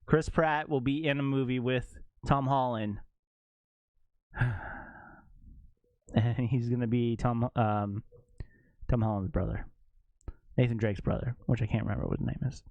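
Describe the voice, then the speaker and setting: A man streaming a game live, ranting in casual chat and leaping between low mutters and high exclaims. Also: unhurried, long pauses, dry recording, highs cut off. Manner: animated ranting, jumps to high exclaims and laughs.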